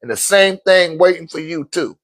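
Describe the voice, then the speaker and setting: A man's voice: on the high side, moderate pace. A man, a spiritual teacher telling stories in casual teaching talk, acting out quotes and laughing often. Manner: animated storytelling, acts out quotes, laughs often.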